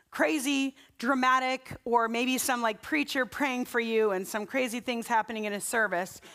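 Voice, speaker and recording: Woman, pastor, sermon, conversational storytelling, earnest, fairly high voice. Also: fairly bright tone.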